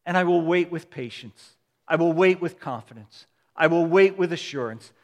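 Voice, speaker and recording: A pastor preaches in a slightly high voice, building his lines into repeated refrains and strong swells of emphasis. His words ring out with the long reverb of a large church sanctuary. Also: animated, moderate pace, highs cut off. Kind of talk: sermon.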